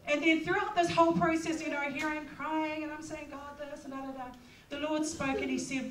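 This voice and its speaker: A woman's voice: high voice, fairly even intonation, brisk, fairly bright tone. A middle-aged woman pastor, preaching in a personal, conversational way with plenty of fillers. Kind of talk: sermon. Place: church hall. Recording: echoey hall, distant mic.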